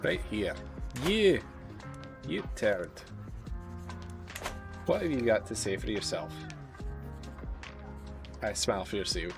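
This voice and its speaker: A man's voice: on the low side, big pitch swings, slow pace, vocal fry, long pauses, music in the background. A man streaming a strategy game live, reading its event text aloud and dropping wry asides to his chat. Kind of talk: live gameplay commentary.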